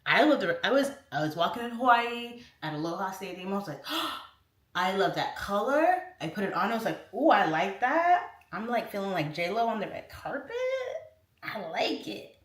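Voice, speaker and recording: A woman's voice: mid-range voice, expressive, brisk, fairly bright tone. Chatty woman livestream host, rambling "like"-heavy delivery, recorded from a distance in an echoey room. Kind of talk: casual livestream chat, reading out comments. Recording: roomy echo, distant mic.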